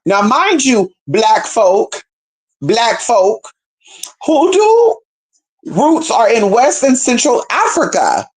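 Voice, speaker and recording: A woman talking in a casual vlog monologue, animated and profane, often acting out other people's voices as a herbalist and hoodoo practitioner. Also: a little high, slow, low-quality recording. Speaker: self-described certified herbalist and hoodoo practitioner.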